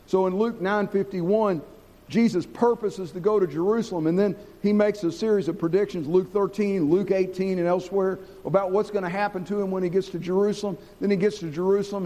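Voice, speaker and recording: A man preaching a sermon to a congregation, earnest, slowing down and dropping low to stress key points. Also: a little mellow, big-room sound. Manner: earnest, slows and drops low for emphasis.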